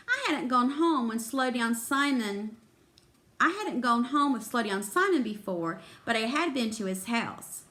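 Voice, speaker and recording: Woman reader for a children's story, fairly high, very lively voice. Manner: expressive, voices the characters. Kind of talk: reading a children's book aloud.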